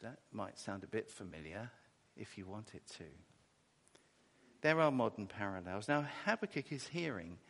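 A man preaching a sermon, animated and halting, acting out horrified cries, with many restarts. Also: fairly low pitch, vocal fry. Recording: long reverb of a large hall.

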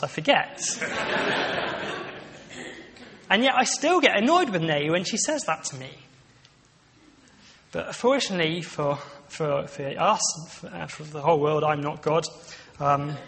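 A man's voice: on the high side, a bit bright. A man giving a conversational sermon, with frequent restarts and asides. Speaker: preacher. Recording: long reverb of a large hall.

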